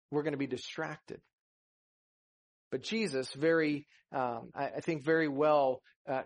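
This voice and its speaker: Earnest male preacher giving a sermon. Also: mid-range voice. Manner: earnest preaching, rising to emphasis, acting out scripture dialogue. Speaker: pastor.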